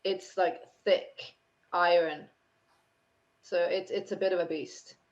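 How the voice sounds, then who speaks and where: A woman narrating a tabletop game as game master, describing scenes slowly with many fillers and restarts. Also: on the low side, steady tone. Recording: dull lo-fi sound.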